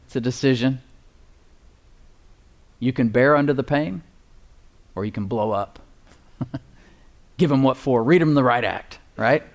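A man preaching a sermon, slowing down to stress key phrases and calling for responses from the congregation. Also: medium pitch. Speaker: pastor.

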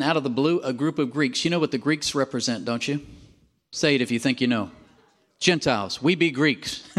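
A man preaching a sermon, animated and emphatic, calling out for amens and dropping at times to a quiet, drawn-out delivery. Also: mid-range voice. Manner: animated, calls for amens from the congregation.

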